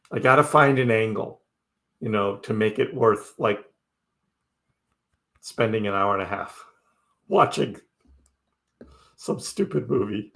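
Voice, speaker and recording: Lowish, creaky, and fairly bright describes the voice of this middle-aged crypto livestream host. Chatty and wry, he laughs often while casually fielding viewer chat with jokes.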